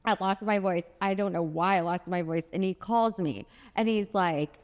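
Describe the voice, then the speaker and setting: A woman telling a long personal story as a podcast guest, loose and chatty, full of "like" and quick asides. She slips into higher voices for the people she quotes. Her middle-pitched voice trails into a long, roomy reverb. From United States (Bay Area). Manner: chatty, filler-heavy, acts out quoted dialogue in a higher voice. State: had lost her voice at the time told, not now. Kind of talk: candid storytelling chat.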